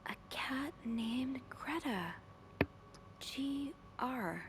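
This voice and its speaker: Hushed, slightly high young woman, whispered role-play, breathy, game audio with clear background ambience. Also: expressive, extremely slow, slight background noise, exaggerated voice. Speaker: game character.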